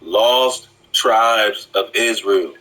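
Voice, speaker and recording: A man's voice: on the low side, drawn-out words, sharp tone, slight background noise, rough recording. A man commenting over a played clip, lecturing and challenging the speaker, often repeating his words. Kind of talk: reaction commentary.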